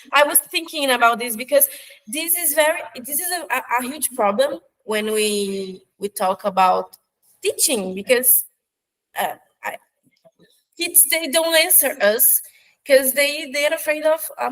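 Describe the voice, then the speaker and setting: A woman's voice: high voice, fairly bright tone. A woman teacher in a video-call discussion, hesitant and restarting often. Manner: hesitant, many restarts and fillers. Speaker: participant teacher. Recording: voice distant from the mic.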